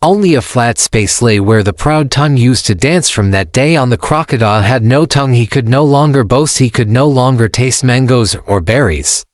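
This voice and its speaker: A male storyteller reading a folktale in simple, even storytelling. His voice sits at a middle pitch. The recording is dry and close with no room sound. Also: normal speed, few pauses, dry recording. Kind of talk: scripted folktale narration.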